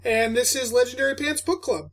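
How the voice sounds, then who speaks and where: A man's voice: very high voice, fairly even intonation, a little fast, fairly bright tone. A man co-hosting a book podcast, chatting casually with dry, teasing banter. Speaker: podcast co-host. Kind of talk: casual chat.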